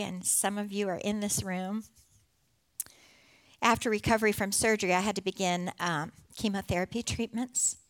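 Earnest woman sharing church testimony. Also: mid-range voice. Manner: earnest and heartfelt, with soft laughter. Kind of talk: personal testimony to a congregation.

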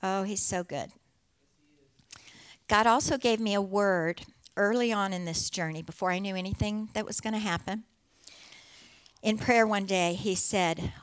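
A woman's voice: mid-range voice, fairly even intonation, unhurried, pauses often, smooth. Earnest woman sharing church testimony. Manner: earnest and heartfelt, with soft laughter. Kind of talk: personal testimony to a congregation.

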